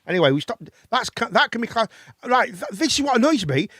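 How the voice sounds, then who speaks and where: A man with a fairly high voice runs a loose chat show, rambling and swearing as he goes. The sound is dry and close, with no room around it. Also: big pitch swings, fast talker, fairly bright tone, dry recording. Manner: rambling, swearing, laughing often. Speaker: host. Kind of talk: casual chat show banter.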